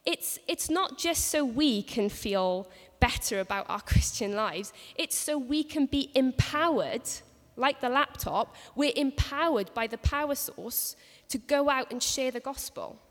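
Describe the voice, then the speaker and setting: A woman preaches with earnest conviction, telling stories and restarting her phrases as she goes. Her voice sits a bit high for a woman. It carries a long reverb through a church hall. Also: lively intonation, unhurried, hardly any pauses. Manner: earnest, storytelling, many restarts. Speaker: speaker at a women's church gathering. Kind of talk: personal-story sermon.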